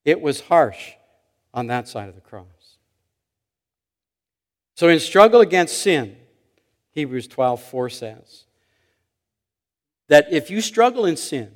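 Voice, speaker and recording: Male pastor, slightly high voice, sermon delivery with dramatic loud-soft swings, long hall reverb. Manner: storytelling preacher, swings between loud emphasis and hushed asides.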